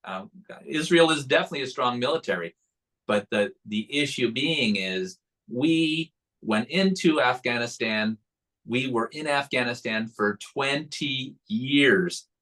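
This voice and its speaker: Man, mid-pitched, firm and measured, pressing an argument in an interview. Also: lively intonation, a bit bright, low-quality recording. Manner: firm, measured, arguing a point. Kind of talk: political interview discussion.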